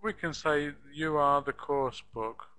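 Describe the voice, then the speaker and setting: Man, English teacher, slow and patient, bright tone, repeats example phrases for learners. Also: fairly high pitch, smooth, poor audio. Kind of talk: live online class teaching.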